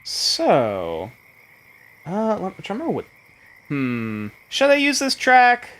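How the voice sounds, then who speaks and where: A man's voice: high voice, takes it slowly, a little hiss or hum. A man running a tabletop game as game master, talking casually and narrating scenes with many restarts. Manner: animated, rambling with restarts and laughs. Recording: faint background music.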